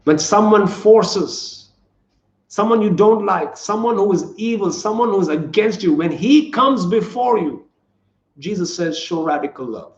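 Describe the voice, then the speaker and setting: Preaching in a church sanctuary, a man serving as pastor speaks in a high-pitched voice at a measured pace. He is earnest and repetitive and questions the congregation directly. The recording is dull and lo-fi, with the echo of the church room.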